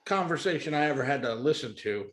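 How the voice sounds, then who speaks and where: A man telling a story as a guest comedian, animated and acting out voices. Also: mid-range voice, fast talker. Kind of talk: casual storytelling. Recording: roomy echo.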